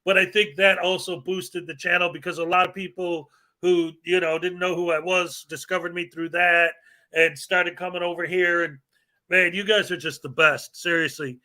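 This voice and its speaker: A rambling, joking man hosts a relaxed livestream chat. His voice runs high for a man. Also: moderate pace. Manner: rambling, joking, laughs often. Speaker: host.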